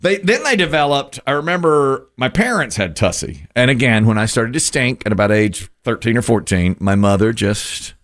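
Male radio host, animated delivery, chatty and quick to laugh. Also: mid-range voice. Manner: chatty, laughs often, lively storyteller. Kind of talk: casual radio banter.

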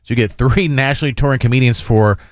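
A man's voice: mid-range voice, quick pace, dry recording, clean studio sound. Upbeat male morning radio host. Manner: upbeat, salesy promo delivery. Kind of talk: casual radio banter and promo.

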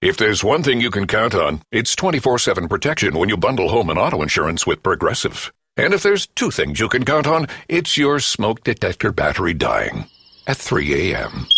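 A man's voice: fairly low pitch, sing-song, normal speed, fairly bright tone, breathy edge, dry recording. A man doing a wry, comic ad read. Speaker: ad announcer.

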